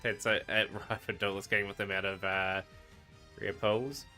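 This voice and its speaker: A man casually commenting while he streams a card game, rambling and trailing off into quiet asides. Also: on the low side, level tone, moderate pace. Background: game music.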